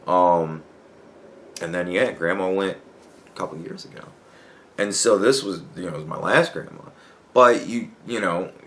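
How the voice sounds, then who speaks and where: A man's voice: on the low side, a bit bright. A young man hosting a podcast, talking in a rambling, profane, casual monologue and laughing as he tells stories. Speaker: podcast host.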